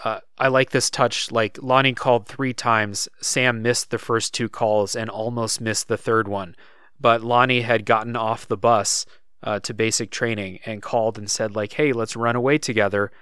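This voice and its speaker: A man's voice: on the low side, normal speed, clean tone, dry recording, clean studio sound. A man in casual podcast chat, recounting a game's story with lots of fillers and restarts. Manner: relaxed, thinks aloud with many fillers. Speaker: podcast co-host.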